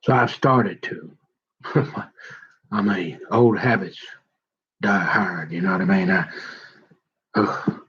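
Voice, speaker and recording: A man's voice: low-pitched, takes it slowly, long pauses, a bit bright, breathy edge, muffled recording. A tired man, rambling and joking in a casual vlog. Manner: rambling, joking, repeats himself. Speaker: vlogger.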